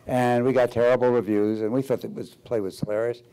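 Speaking a little fast with a flat delivery, this older playwright has a medium-pitched voice that is mellow, clear, and resonant. Onstage before an audience, he hesitantly shares stories from his career, using many fillers and bursting into laughs.

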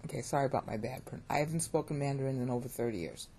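A middle-aged American woman teaching Bible Greek in a casual video lesson. She is chatty and animated, jumps up in pitch when excited, keeps checking in with her listeners and jokes about her own pronunciation. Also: racing, a little hiss or hum.

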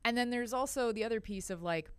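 A woman's voice: fairly high pitch, quick pace, clean tone, no echo. Chatty woman with a dry, close sound. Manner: rambling, talkative, many fillers. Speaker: podcast guest. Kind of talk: casual conversation.

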